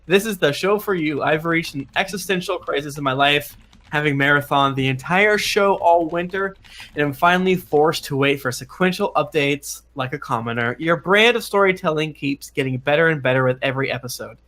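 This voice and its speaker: A man hosting a podcast stream, reading listener reviews aloud in a jokey, halting way with many fillers. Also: fairly high pitch, a bit bright. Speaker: podcast host.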